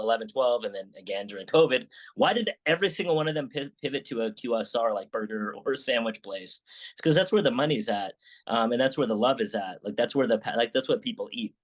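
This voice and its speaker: A middle-aged man, a restaurant founder, chatting as an interview guest, telling stories with lots of restarts and acted-out quotes. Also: medium pitch. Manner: animated storytelling with many restarts and acted quotes. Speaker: sandwich shop founder, guest. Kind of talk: casual interview chat.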